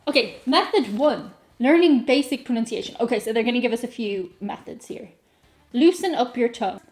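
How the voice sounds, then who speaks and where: A woman's voice: a little high, expressive, brisk, a little mellow. A woman with an Irish accent chatting playfully to camera as a vlogger, reading aloud and joking about herself. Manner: playful, self-mocking, reads aloud and riffs. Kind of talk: casual comedic chat to camera.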